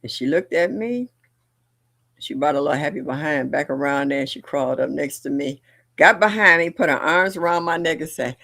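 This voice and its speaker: An older woman hosting a livestream, chatting casually and bluntly, telling family stories with animated delivery and laughter. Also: low voice, a little fast, creaky, no echo, studio quality. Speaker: livestream host. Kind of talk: casual storytelling chat.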